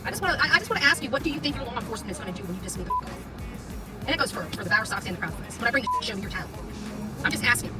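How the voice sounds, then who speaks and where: A woman's voice: on the high side, huge pitch swings, racing, distant mic, loud music behind the voice. A woman live-streaming from her car, heatedly confronting and taunting someone, with a repetitive, combative way of talking. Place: in a car in traffic.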